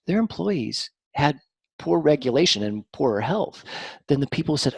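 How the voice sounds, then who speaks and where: A man speaking as a therapist guest, explaining in an animated, teacherly way and shifting his intonation on purpose. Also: mid-range voice, fairly quick, husky, no room sound. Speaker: mind-body therapist guest. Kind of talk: explanatory interview talk.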